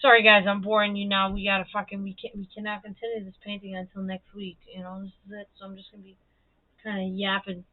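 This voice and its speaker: A woman's voice: mid-range voice, completely flat delivery, fast talker, dry recording. A woman hosting a casual livestream, chatting and telling stories, swearing freely and laughing often. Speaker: livestream host. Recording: dry, tinny phone-like sound.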